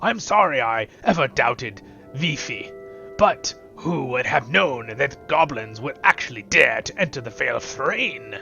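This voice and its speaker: A man voicing a gruff, bearded male dwarf leader in a grumbly, forced Scottish-style brogue over game music. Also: medium pitch, lively intonation, unhurried, sharp tone, highs cut off, heavily acted. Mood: alarmed, commanding. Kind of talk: voicing video game characters.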